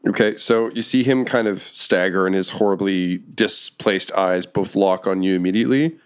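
Game master, male, low voice, relaxed descriptive delivery. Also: moderate pace, clean tone. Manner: easygoing, descriptive narration. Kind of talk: narrating a tabletop game.

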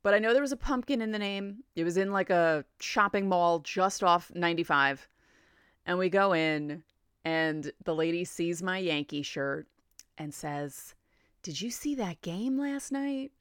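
A woman in her forties, a podcast host telling a story in a chatty, animated way. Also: on the low side, measured pace, smooth, no room sound, studio quality. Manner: animated, chatty, laughs often. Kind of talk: casual storytelling.

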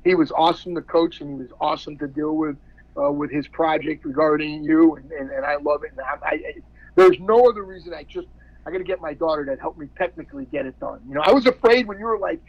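Gravelly high-voiced excitable coach. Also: male voice, fast talker, no echo, muffled recording. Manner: excitable, repeats words, laughs often. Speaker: football coach, guest. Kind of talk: casual podcast interview.

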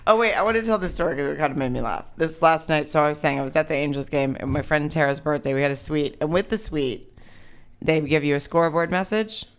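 Woman, podcast co-host, casual chat, animated storyteller, laughs and swears. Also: deep voice, quick pace.

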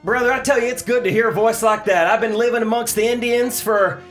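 A man's voice: extremely high pitch, fairly even intonation, fairly quick, over music, voice pushed up. A man playing a brash Texan cowboy caller with a put-on Texan drawl who keeps calling people brother. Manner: brash, threatening, calls everyone brother. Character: loud Texan cowboy man living in India.

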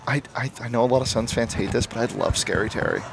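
A man hosts a casual sports betting chat and talks fast, rattling off plugs and quick takes. His voice sits at a middle pitch. Faint background noise runs under the recording from a live show at a pub. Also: gravelly. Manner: upbeat, quick plugs and sign-offs, laughs often.

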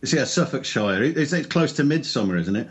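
A man's voice: medium pitch, animated, fairly quick, slight background noise. A male guest, a psychic medium from England, chatting in a jokey, self-deprecating way. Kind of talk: casual chat.

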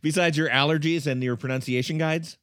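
A man's voice: a little high, steady tone, brisk, fairly bright tone, dry recording, clean studio sound. A man co-hosting a comedy podcast from home, with playful, theatrical banter. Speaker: podcast co-host.

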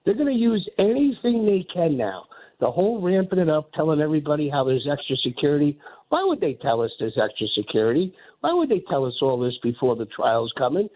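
A fired-up man calls in to a radio show, his fairly high voice squeezed through a tinny phone line. He rambles and circles back on himself as he talks. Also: sing-song, a little fast. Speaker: radio caller. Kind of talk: call-in radio talk.

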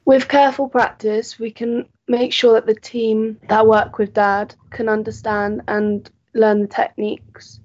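A woman with a British accent, a podcast guest who gives brief, measured answers. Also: a little high, flat delivery, darkish tone. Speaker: guest relaying her father's answers. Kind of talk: interview answers. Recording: dull lo-fi sound.

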